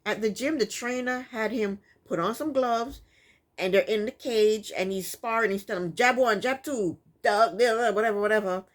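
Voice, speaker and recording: A woman's voice: fairly high pitch, normal speed. A woman giving a casual, opinionated recap of a reality TV episode, sassy and exasperated. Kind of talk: casual commentary.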